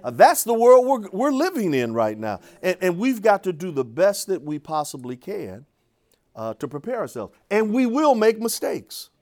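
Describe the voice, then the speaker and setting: An older man who teaches urban ministry, telling a story to an audience in an animated way and often restarting and repeating his words. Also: high-pitched, normal speed.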